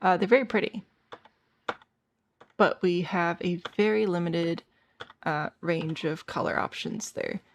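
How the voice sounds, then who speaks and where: A woman streamer talks casually through a game session and answers her chat as she goes. Her voice is hoarse and worn out, sitting a little low and carrying a rough, gravelly fry. She sounds like she is thinking aloud. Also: measured pace, pauses often, a little hiss or hum. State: hoarse and tired.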